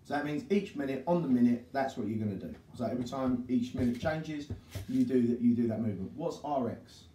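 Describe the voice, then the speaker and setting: A man in brash, sweary banter, his middle-pitched voice sounding roomy as it bounces around a gym. He talks bluntly and is picked up from a distance. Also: a little fast, warm tone, a little hiss or hum. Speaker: podcast co-host. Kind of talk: casual chat. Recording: echoey room, distant mic.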